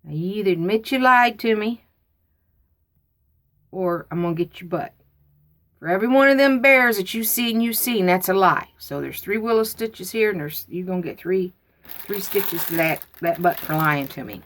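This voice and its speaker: A woman's voice: mid-range voice, expressive, moderate pace, fairly bright tone, pitched above the performer's own voice, lightly acted. A woman voicing a stern mother scolding her daughter for lying. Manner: firm, scolding.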